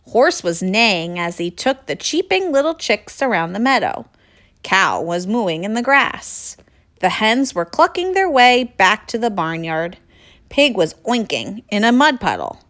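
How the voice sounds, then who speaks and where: Storyteller: woman, slow, very expressive read-aloud for kids. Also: medium pitch. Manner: expressive, addresses children directly. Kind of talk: reading a children's picture book aloud.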